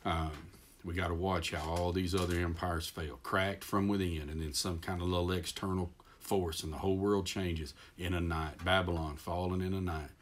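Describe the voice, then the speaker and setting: A man with a deep, low-pitched voice and a Texas accent delivers a sermon in a folksy, rambling way. He pokes fun at himself and circles back to his point with plenty of ums and restarts. He sounds middle-aged. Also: little pitch movement, normal speed, slight background noise. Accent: Texan. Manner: folksy, self-deprecating, rambling with many fillers and restarts. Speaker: pastor.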